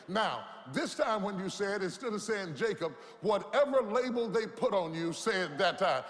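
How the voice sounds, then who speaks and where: A man's voice: high-pitched, lively intonation, normal speed, hardly any pauses, fairly bright tone. A man preaching a sermon as pastor, impassioned and rhythmic, repeating lines and leading the crowd to say them back. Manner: impassioned, rhythmic preaching with repetition and call-and-response. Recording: long hall reverb.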